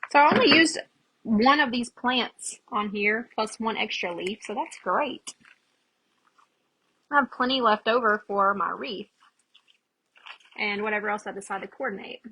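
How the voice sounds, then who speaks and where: A woman's voice: mid-range voice, a little slow, long pauses, pushed and bright, slight background noise, low-quality recording. A chatty woman, hosting a casual live crafting demo and greeting viewers by name as she works. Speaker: craft livestream host.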